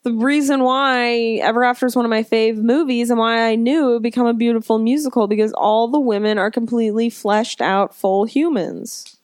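A woman's voice: fairly high pitch, fairly even intonation, normal speed, hardly any pauses, a little mellow, no room sound, clean studio sound. A woman co-hosting a casual chat, gushing about a show, swearing freely and laughing often. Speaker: podcast co-host.

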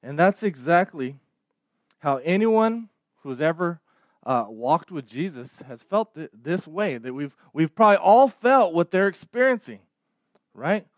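Guy giving a sermon, kinda high voice, super dry sound, trips over words and keeps asking "right?". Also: sing-song, measured pace, no echo. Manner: conversational, frequent stammered restarts and "right?" tags. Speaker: pastor.

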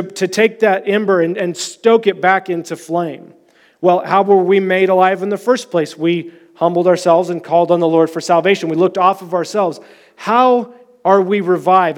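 A man preaching a sermon as pastor, passionate and emphatic, dropping soft at times. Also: high-pitched.

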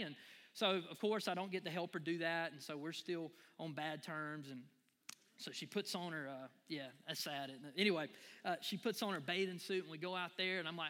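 A pastor delivers a sermon with a personal story at a moderate pace, his high, bright voice echoing with long reverb through a big church hall. Lively and folksy, he calls his congregation "y'all."

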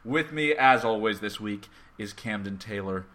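A man's voice: fairly low pitch, normal speed, fairly bright tone, a little hiss or hum. A young man hosting a casual comedy podcast, joking and self-mocking, with the odd stutter. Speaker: podcast host.

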